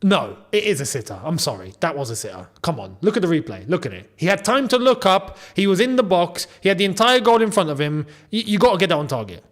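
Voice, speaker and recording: Excitable young man reacting to football. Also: high-pitched, fast, hardly any pauses. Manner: animated, exclaiming and scolding players directly. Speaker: football watchalong host. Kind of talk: live match reaction commentary.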